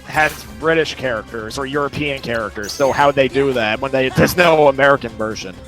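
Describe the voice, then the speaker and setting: A man's voice: medium pitch, fairly quick, fairly bright tone, faint music behind. A man hosting a let's play, chatting casually and rambling through long lists of details. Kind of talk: casual chat over gameplay.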